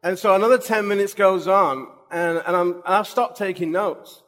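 A man's voice: sits high, fairly even intonation, normal speed, fairly bright tone, big-room sound. A man preaching, telling humorous, self-mocking stories from his own life in a sermon. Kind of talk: storytelling sermon.

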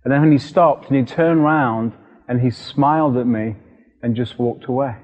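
A middle-aged British man preaching a sermon, telling a personal story in an animated, vivid way. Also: mid-range voice, normal speed. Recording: dull lo-fi recording with long hall reverb.

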